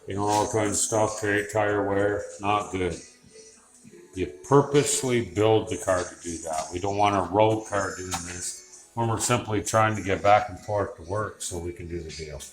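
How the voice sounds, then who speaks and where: A man's voice: low-pitched, normal speed. Joking mechanic man in echoey garage. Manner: joking, rambling with fillers. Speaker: auto mechanic. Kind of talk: casual shop walkthrough. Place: auto repair garage. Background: radio music playing.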